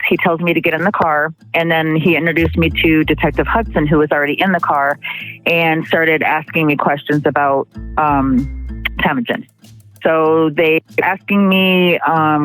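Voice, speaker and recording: Guest woman, halting storyteller, lots of fillers, faint music underneath. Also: low-pitched, low-quality recording. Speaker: interview guest, partner of the accused. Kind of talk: casual recounting of events.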